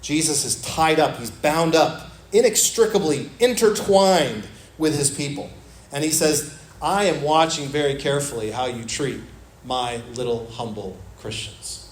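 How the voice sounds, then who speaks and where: A man preaching a sermon as pastor in a church. He talks earnestly and repeats his phrases, dropping to a soft, low voice when he quotes scripture. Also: unhurried. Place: church sanctuary. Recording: echoey church room with faint ambience.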